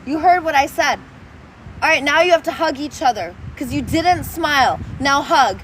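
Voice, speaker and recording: A woman's voice: sits high, normal speed, fairly bright tone. A woman chatting on a casual livestream outdoors, reading chat in a playful, doting, sing-song way. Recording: noisy outdoor street recording. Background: traffic noise.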